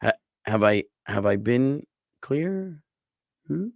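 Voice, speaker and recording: A man's voice: medium pitch, very animated, slow pace, vocal fry, no room sound, studio quality. A man teaching a Hebrew class as a rabbi, patiently drawing out words to show which syllables get the stress and checking that students follow. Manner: thinks aloud with restarts and rhetorical checks. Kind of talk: online class lecture.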